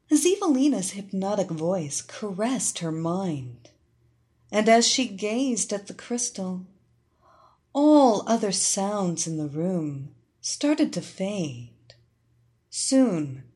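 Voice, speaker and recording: A woman narrating an erotic story in a slow, expressive reading. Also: on the low side.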